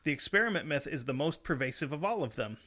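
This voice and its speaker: A man with a bright, somewhat high voice co-hosts a casual podcast. He reads monster legends aloud, swearing freely. He teases his co-host and laughs often. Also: lively intonation, quick pace. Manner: crude, teasing, laughs often. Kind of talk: casual comedic chat, reading legends.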